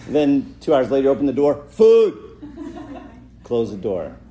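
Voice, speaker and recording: A man's voice: medium pitch, lively intonation, a little fast, dark tone, slight background noise. A middle-aged man giving an informal church talk, chatting with listeners, often asking "right?" and acting out short quotes. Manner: conversational, asks "right?" often, acts out quotes. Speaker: church speaker. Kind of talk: informal talk to a youth audience.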